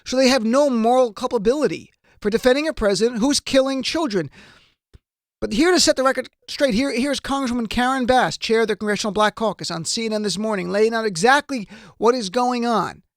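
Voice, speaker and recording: A man's voice: very high voice, a little fast, dry recording, clean studio sound. A man hosting a political talk show, delivering emphatic, indignant commentary. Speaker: radio talk show host.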